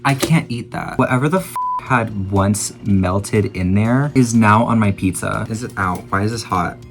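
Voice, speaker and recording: A man's voice: fairly low pitch, normal speed, creaky. A man in his twenties chatting casually in a vlog while baking at home, chatty and self-mocking, swearing freely. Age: 20s. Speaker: YouTuber.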